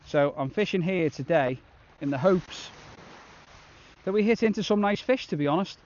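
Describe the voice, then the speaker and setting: A man's voice: sits high, expressive, moderate pace, a little mellow, dull audio, a little hiss or hum. A man vlogging a shore fishing trip outdoors on a beach, chatting casually and upbeat to the camera. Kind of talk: casual outdoor vlog narration.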